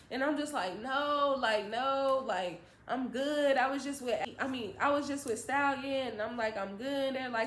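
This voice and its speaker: A woman's voice: on the high side, moderate pace, a little hiss or hum. A young woman vlogger telling a personal story casually, acting out the voices of the people in it. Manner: animated, acts out other people's voices. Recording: roomy echo.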